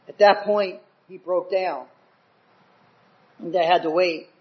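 A man's voice: high-pitched, fairly even intonation, unhurried, long pauses. An older man preaching a sermon with fervent, emphatic delivery that builds to dramatic swells. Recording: dull lo-fi recording.

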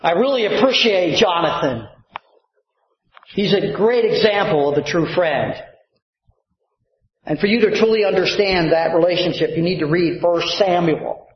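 A man's voice: high voice, moderate pace, long pauses, reverberant, muffled recording. A man preaching a sermon as a pastor, stretching out key words and calling for amens. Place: church sanctuary.

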